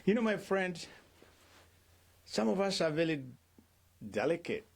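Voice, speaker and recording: A man's voice: high-pitched, very animated, measured pace, creaky. A middle-aged man speaking as a pastor in a devotional talk. He asks his listeners rhetorical questions and acts out the things people say.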